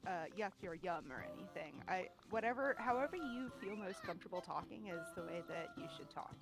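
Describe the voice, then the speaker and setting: Giggly, chatty woman, mid pitch, clear music bed. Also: lively intonation, fairly quick. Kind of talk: casual chat.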